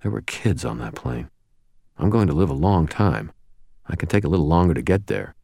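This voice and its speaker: A deadpan, sardonic wizard detective, voiced by a man reading an audiobook. His voice sits extremely low and his asides come out dry and wry. The sound is close and dry with no room around it. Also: a little fast, gravelly, slightly rough, no room sound, full character voice.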